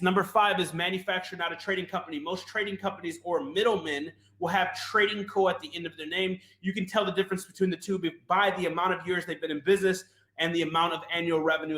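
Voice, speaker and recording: A man presenting a sales webinar, fast and hyped, often asking "right?" and talking to "you guys". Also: high voice, fairly bright tone, roomy sound.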